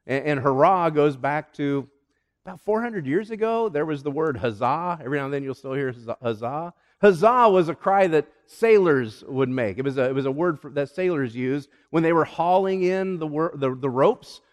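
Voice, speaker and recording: A man preaching a sermon as a pastor, with animated delivery that swings from loud calls to hushed lines. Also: on the high side. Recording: long hall reverb.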